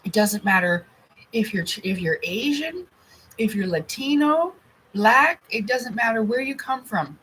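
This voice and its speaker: A woman's voice: fairly high pitch, lively intonation, a little slow, a bit bright, slight background noise, low-quality recording. A woman in her forties hosting a casual livestream, chatty and rambling. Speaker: livestream host.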